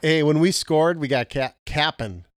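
A man's voice: a little high, measured pace. A middle-aged man co-hosting a podcast, chatting casually and joking at his own expense, often laughing. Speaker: podcast co-host. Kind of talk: casual chat. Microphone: podcast mic.

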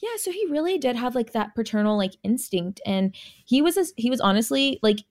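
A woman's voice: on the high side, lively intonation, a little fast. A young woman, a podcast guest, chatting casually in a bubbly, rambling way with frequent giggles. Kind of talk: casual chat.

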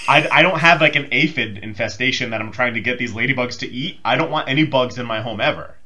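A man co-hosting a casual podcast, joking and arguing back with animated banter. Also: mid-range voice, fast. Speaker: podcast co-host. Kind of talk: casual chat.

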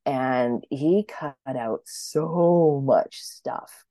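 A woman's voice: drawn-out words, warm tone, no room sound, clean studio sound. A woman in her thirties telling her story as an interview guest, chatty, often acting out what others said. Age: 30s. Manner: chatty, acts out quotes with sudden high-pitched voices. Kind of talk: casual storytelling.

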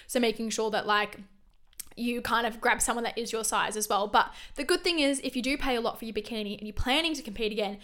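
A young woman, in her early twenties, talks through a solo podcast episode. Her voice sits a little high, and she rattles along quickly, full of fillers and quick self-corrections. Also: a bit bright. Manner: chatty and fast, with frequent self-corrections and fillers. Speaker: podcast host. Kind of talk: casual solo podcast monologue.

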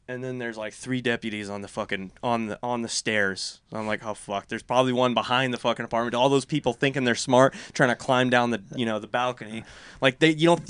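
A man's voice: medium pitch, fairly bright tone, smooth, dry recording. A man in his twenties telling a rowdy party story in casual chat, swearing a lot, laughing as he goes and acting out what people said. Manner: swears a lot, laughs while telling stories, acts out quotes.

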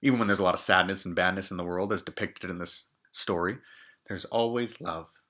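Bright-voiced man reading a fairy tale. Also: sits low, brisk. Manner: joking, commenting on the story. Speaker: storybook reader.

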